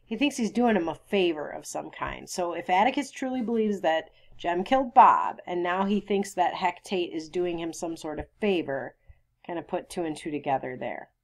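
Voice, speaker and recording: A woman's voice: lowish voice, moderate pace. A woman teacher reading a novel aloud and stopping to explain it to her students in a conversational way. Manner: conversational, stops to explain and quiz.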